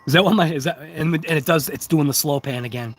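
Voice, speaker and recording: A man's voice: on the high side, quick pace. A man hosting a casual hobby livestream, chatting to viewers in a rambling, talkative, self-deprecating way. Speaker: RC hobby channel host.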